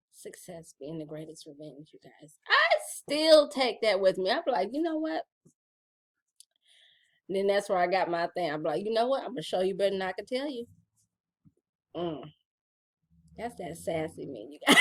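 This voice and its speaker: A middle-aged woman talks straight to her audience in a loose, playful vlog chat, teasing them as y'all. Her pitch swings widely and brightly from phrase to phrase, full of animation. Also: sing-song, a little slow, pauses often. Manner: chatty, playful, addresses viewers as y'all. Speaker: vlogger reading her gratitude journal. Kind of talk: casual chat.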